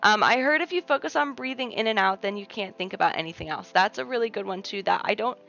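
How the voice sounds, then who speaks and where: A young woman hosts a livestream, reading viewer comments and chatting with them in a casual, reassuring way full of fillers. Her medium-pitched voice is gravelly and fairly bright, and she talks fast. The stream audio is muffled and lo-fi, with faint background music.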